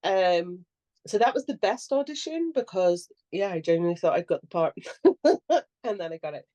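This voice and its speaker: A woman's voice: on the low side, moderate pace. A young adult woman actor chatting casually on a podcast, telling stories with lots of laughter and acting out what people said. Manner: animated storyteller who acts out quotes and laughs often.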